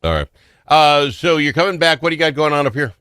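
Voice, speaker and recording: Lively chatty guy hosting radio, voice jumps all over, bright, dry booth. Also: on the high side, fast, smooth, no echo. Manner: chatty, laughs easily, animated. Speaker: radio host. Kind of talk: casual radio interview chat.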